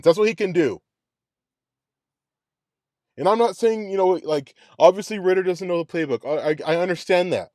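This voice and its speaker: A man's voice: high-pitched, moderate pace, dry recording, clean studio sound. A man hosting a sports reaction show, ranting in a heated, profane way and repeating his complaints. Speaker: sports podcast host. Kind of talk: angry sports reaction rant.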